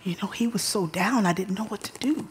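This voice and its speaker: A woman giving a storytelling sermon at church, who often drops to a hushed whisper for emphasis and repeats words as she gathers her thoughts. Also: mid-range voice, a little fast, slight background noise. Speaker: church speaker.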